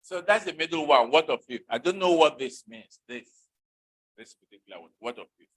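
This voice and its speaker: A man's voice: on the high side, lively intonation, brisk, husky, no room sound, rough recording. A man teaching an usage lesson in a classroom, questioning and coaxing his students to answer.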